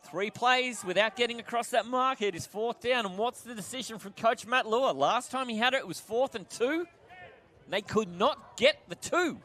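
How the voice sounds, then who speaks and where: An Australian man calls the action play by play, his voice sitting very high and sounding bright and forceful. He builds quickly and breaks into shouts when the scoring plays land. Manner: excitable, rising to shouts on big plays. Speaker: play-by-play commentator. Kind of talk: sports play-by-play commentary.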